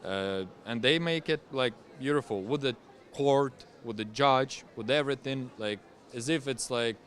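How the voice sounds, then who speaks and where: A man from Ukraine with a Ukrainian accent, speaking English haltingly with many pauses and restarts as an interview guest. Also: medium pitch, a bit bright. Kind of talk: conversational interview.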